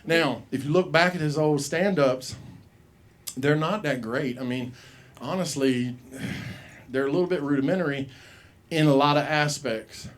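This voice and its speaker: A man's voice: a little high, unhurried. Profane rambling stand-up comedian man. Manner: profane, rambling, acts out voices in quoted bits. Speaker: comedy show host. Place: comedy club stage.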